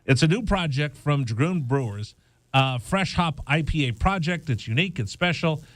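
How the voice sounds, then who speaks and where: A man's voice: on the high side, expressive, moderate pace, a bit bright, no echo. Joking radio sports host, man. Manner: loose, joking, rambling. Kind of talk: casual radio chat. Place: radio studio. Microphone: studio microphone.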